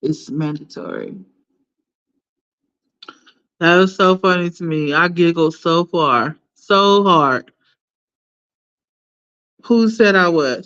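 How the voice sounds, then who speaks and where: A woman with children chatting casually to viewers on a live stream, animated and blunt, laughing often and using slang. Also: lowish voice, slow, pauses often. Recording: dull lo-fi sound.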